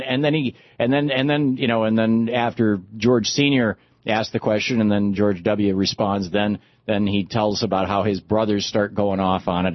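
A man with a low voice hosts a talk show, talking politics in a loose, rambling way full of fillers and restarts. The sound is dry and close, and a little dull and lo-fi. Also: no echo. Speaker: talk radio host. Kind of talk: casual political commentary.

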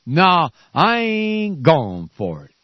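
A man's voice: a little high, wildly swooping pitch, takes it slowly, no echo, highs cut off, voice pushed up, full character voice. A radio host mocking a stubborn male senator with a drawling, defiant refusal. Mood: sneering. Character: jeering mock Southern male senator, defiant.

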